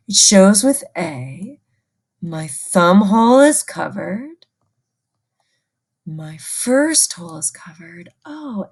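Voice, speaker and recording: A woman's voice: lowish voice, breathy edge. A woman music teacher giving a patient, call-and-response recorder lesson to children.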